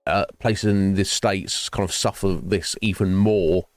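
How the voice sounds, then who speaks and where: A man's voice: low-pitched, steady tone, a little slow, dry recording, studio quality. A man chatting casually with viewers during a game stream, rambling from topic to topic. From United Kingdom. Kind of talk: casual chat while gaming.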